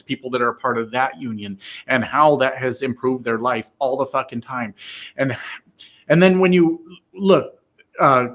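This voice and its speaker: Medium in pitch, this man hosts an informal political stream where he voices viewers' comments and replies with heavy swearing and emphasis, his delivery turning loud and excited.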